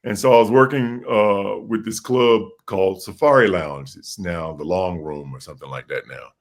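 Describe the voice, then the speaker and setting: A man with a deep voice and an American accent, a guest telling animated stories in a casual interview. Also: normal speed, gravelly. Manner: animated storyteller who acts out voices.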